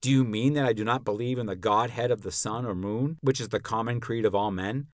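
A man's voice: medium pitch, fairly quick, dry recording, clean studio sound, lightly acted. A man voicing an elderly philosopher on trial, questioning his accuser in a rhetorical, pointed way. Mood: probing, indignant. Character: elderly male philosopher on trial, probing and ironic. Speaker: podcast narrator. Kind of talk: dramatic reading of a classical dialogue.

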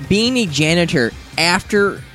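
A man's voice: high-pitched, lively intonation, measured pace, fairly bright tone, soft background music. A man co-hosting a casual podcast, rambling about video games and acting out his own reactions. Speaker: podcast co-host.

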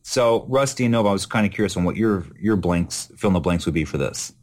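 A man hosting a casual podcast chat, animated and quick to laugh. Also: low voice. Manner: animated, laughs often, reads listener answers aloud. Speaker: podcast host.

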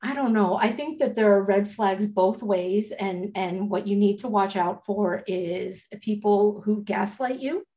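A woman's voice: medium pitch, measured pace, few pauses, mellow. Blunt, joking woman podcast co-host. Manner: blunt, joking, swears casually. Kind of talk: casual chat.

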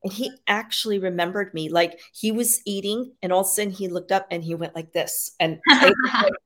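Woman rambling thru her animal stories, mid-pitched, says you know a lot. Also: a little fast, pushed and bright. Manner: rambling, filler-heavy, frequent "you know". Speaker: guest animal communicator and medium. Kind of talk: casual storytelling interview.

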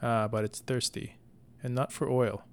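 Scheming young damsel, honeyed and menacing, gravelly undertone, as a male narrator puts her on. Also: mid-range voice, level tone, measured pace, close to an everyday voice. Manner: sweet-talking, quietly menacing. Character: cunning young noblewoman, sweet but murderous.

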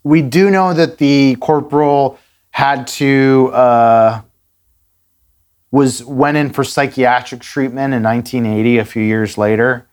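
A man's voice: mid-range voice, fairly even intonation, a little slow, darkish tone. Guy on a podcast telling a spooky story, casual, kinda dramatic. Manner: conversational, dramatic retelling with fillers. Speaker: podcast host.

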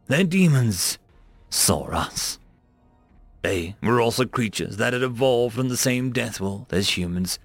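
A man reading science-fiction stories aloud as a narrator, with an expressive delivery. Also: medium pitch, dry recording. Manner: expressive reading that rises and falls. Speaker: story narrator.

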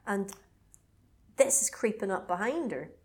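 A woman's voice: medium pitch, unhurried. A woman, casually retelling a film plot on a podcast and swearing freely. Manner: animated storyteller, swearing and bursting into mock voices. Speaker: podcast co-host.

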